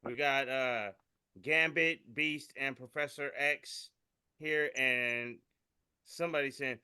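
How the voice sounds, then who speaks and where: A man co-hosting a casual podcast, describing meme pictures and reading their captions with animated delivery. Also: mid-range voice, takes it slowly, clean tone, no echo, clean studio sound. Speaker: podcast co-host reading memes. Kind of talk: casual chat, describing memes aloud.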